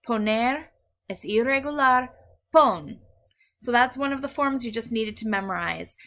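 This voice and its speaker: A woman's voice: on the high side, animated, measured pace, a bit bright. Patient woman teaching Spanish. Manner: patient, explains step by step, switches between English and Spanish. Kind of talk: recorded grammar lesson.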